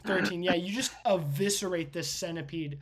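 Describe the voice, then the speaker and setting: A woman's voice: fairly low pitch, moderate pace. A woman game master narrating a tabletop game with vivid, rambling storytelling. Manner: vivid storytelling with frequent restarts.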